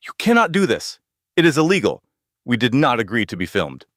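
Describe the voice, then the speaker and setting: A man voicing a scheming young mistress who shrieks in a very high voice. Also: wildly swooping pitch, fairly quick, a bit bright, no echo, studio quality. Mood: terrified.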